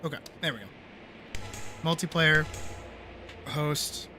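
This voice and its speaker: A man chatting casually on a game stream, relaxed and talkative, answering chat and laughing often. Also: fairly high pitch, slow pace, slight background noise.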